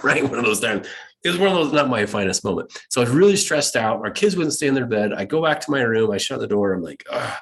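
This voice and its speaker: A man presenting a motivational talk at a school event, lively and acting out quoted voices. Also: mid-range voice, quick pace.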